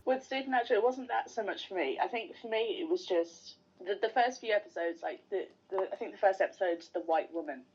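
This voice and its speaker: A woman's voice: medium pitch, fairly quick, hardly any pauses, a little mellow, slightly rough. A woman guest on a podcast, chatting casually and enthusiastically like a fan. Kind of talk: casual interview chat. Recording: dull lo-fi sound.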